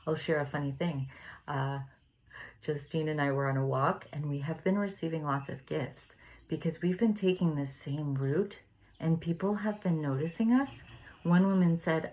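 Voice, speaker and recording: A woman in her thirties leading a spiritual study, chatting in a gentle, meandering way and laughing often. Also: low-pitched, normal speed. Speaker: spiritual study group leader. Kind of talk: casual reflective sharing and reading aloud.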